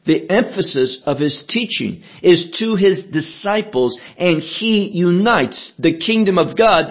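A man teaching a sermon verse by verse, measured and emphatic, asking questions and answering them himself. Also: high voice, lo-fi sound. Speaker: preacher.

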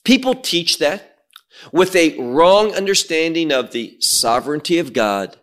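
A man teaching a sermon, reading scripture aloud and explaining it with slow, emphatic delivery. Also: fairly high pitch, expressive, a bit bright. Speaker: Bible teacher.

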